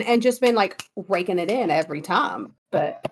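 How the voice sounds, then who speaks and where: Lively, giggly woman podcast co-host. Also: medium pitch, normal speed, slight background noise. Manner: animated, giggly, bossy storyteller. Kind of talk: casual chat.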